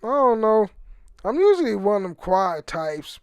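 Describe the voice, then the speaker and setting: Rambling, profane young man, high voice. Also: big pitch swings, moderate pace, smooth, dry recording. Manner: rambling, profane, stammers and repeats words. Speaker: podcast host. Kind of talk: rambling casual monologue.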